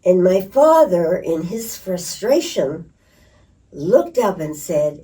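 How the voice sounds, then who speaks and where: Older woman, low and warm, lively and laughing as she recalls, recorded from a distance. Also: takes it slowly. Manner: lively storyteller who laughs and acts out voices. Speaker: interviewee. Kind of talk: reminiscing storytelling. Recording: distant mic.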